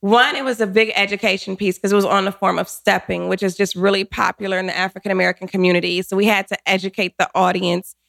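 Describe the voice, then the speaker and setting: A woman in her forties, a guest telling her career story in an interview, animated and quick to act out what people said. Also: mid-range voice, gravelly. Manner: animated, acts out quotes, laughs often.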